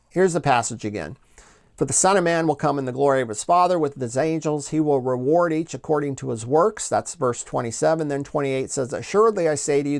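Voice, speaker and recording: A man's voice: mid-range voice, a little mellow. A man hosting a Bible study video, explaining passages in a methodical way, reading quotes aloud and repeating his key points. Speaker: Bible teacher and channel host. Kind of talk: scripted Bible study lecture.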